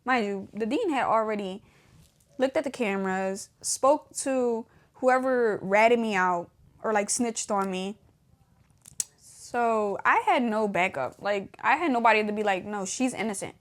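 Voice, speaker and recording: A woman's voice: mid-range voice, measured pace. A young adult woman hosting a podcast, telling her personal testimony in a casual way, laughing often and acting out what she said back then. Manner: casual, laughs often, acts out her own past dialogue. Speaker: podcast host.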